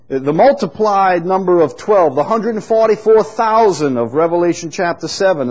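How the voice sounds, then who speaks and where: A man preaching a sermon in an unhurried, conversational teaching manner, growing louder and higher when he reads scripture aloud. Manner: rises in pitch and volume when reading scripture aloud.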